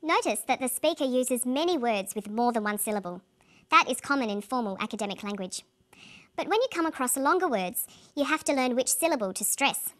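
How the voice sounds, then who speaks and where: A woman presenting an English pronunciation lesson in a clear, carefully paced scripted delivery. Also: sits high, lively intonation, a little fast, fairly bright tone.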